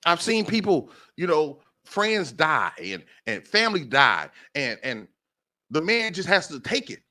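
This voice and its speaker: Male talk host, emphatic and repetitive, higher-pitched than most men, very expressive. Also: a little slow. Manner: emphatic, repeats phrases for stress. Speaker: podcast host. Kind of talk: impassioned monologue.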